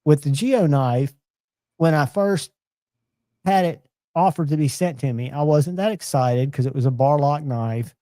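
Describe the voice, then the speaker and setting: A man's voice: on the high side, unhurried, dark tone, no room sound. A man, chatting casually and enthusiastically as host of a live knife show.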